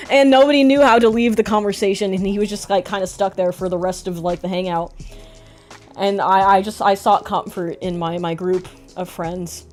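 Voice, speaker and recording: A young woman streamer telling a story casually, rambling with frequent swearing and quick asides. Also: medium pitch, steady tone, darkish tone, faint music behind.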